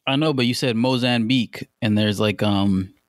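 A man's voice: fairly low pitch, normal speed, no echo, clean studio sound. A young man co-hosting a podcast in casual chat, rambling and swearing with lots of fillers. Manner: rambling, profane, many fillers. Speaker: podcast co-host.

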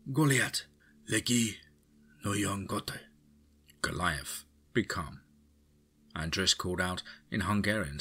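A man narrating a scripted story, reading every character's lines in nearly his own voice, with a husky tone. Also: low voice, sharp tone. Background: music.

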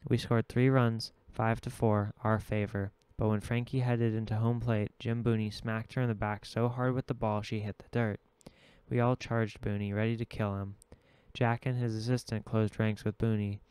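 Man narrating a novel in a low, smooth voice. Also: flat delivery, moderate pace, a little mellow, no echo. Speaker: audiobook reader. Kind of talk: audiobook narration.

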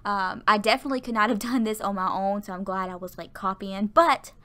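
A woman's voice: mid-range voice, a little fast, fairly bright tone. A woman giving a casual, rambling voiceover for her game video, often stumbling over her words. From American South. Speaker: Sims YouTuber. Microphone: home voiceover mic.

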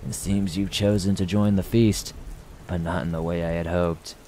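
A man's voice: low-pitched, fairly even intonation, normal speed, mellow, slight background noise, natural voice. Man voicing a sinister sing-song toy rabbit. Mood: cold reproach. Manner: wheezing sing-song menace. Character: sinister male stuffed toy rabbit, falsely sweet. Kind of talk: horror story narration.

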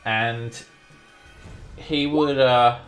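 At his home setup, a man acts as dungeon master for an online tabletop game, narrating combat with lots of fillers. His medium-pitched voice has fairly even intonation and drawn-out words, with soft music playing in the background.

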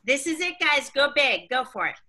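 A woman's voice: high voice, sing-song, moderate pace, pushed and bright, low-quality recording. A woman teaching an acting class over a video call, cueing her students and encouraging them.

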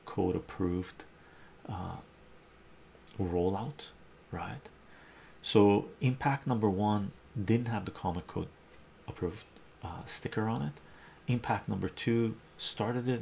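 Male stream host, deep and gravelly, upbeat casual chatter over faint noise. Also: darkish tone. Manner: enthusiastic, reads out chat messages and covers. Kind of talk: casual chat about comic books.

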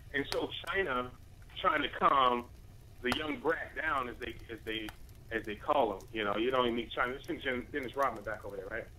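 A man's voice: medium pitch, pushed and bright, a little hiss or hum, rough recording. A man giving a rambling spoken commentary to listeners he calls family, full of rhetorical questions and "right?" tags. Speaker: radio commentator.

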